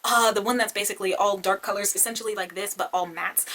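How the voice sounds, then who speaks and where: A woman's voice: mid-range voice, fairly quick, hardly any pauses, bright, forceful tone, a little hiss or hum. A young woman vlogger chatting through an unboxing, gasping and gushing, often saying "y'all". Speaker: beauty vlogger. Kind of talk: excited unboxing chat.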